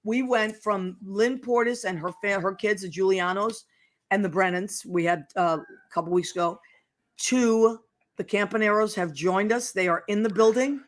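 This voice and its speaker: A woman's voice: mid-range voice, moderate pace. Gushing chatty woman host. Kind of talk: casual chat show.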